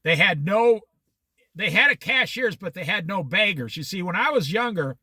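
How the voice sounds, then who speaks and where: A man's voice: high-pitched, lively intonation, moderate pace, pushed and bright, no room sound. A middle-aged American man telling rambling personal stories in a casual monologue. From United States. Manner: rambling, anecdotal, with restarts and quoted dialogue.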